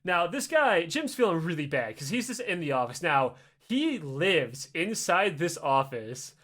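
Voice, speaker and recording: A man co-hosting a podcast, telling a story in an excitable, profane way and acting out its parts. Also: on the high side, unhurried. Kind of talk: animated storytelling.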